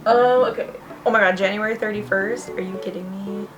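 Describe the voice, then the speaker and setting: A young woman talking casually on her own book vlog, animated and often laughing as she talks to herself. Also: medium pitch, a little fast, music in the background. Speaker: booktuber.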